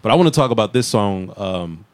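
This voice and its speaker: A man's voice: lowish voice, animated, a little fast, heavy background noise. A man hosting a music podcast, talking loosely with lots of fillers and restarts. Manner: laid-back, rambling with fillers and laughs. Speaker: podcast host. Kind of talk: casual interview.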